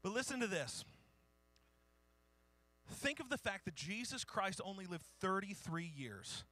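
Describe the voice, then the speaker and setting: A man's voice: high-pitched, very animated, a little slow, sharp tone. A man preaching a sermon, informal and self-deprecating, reading historical quotes aloud. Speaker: pastor.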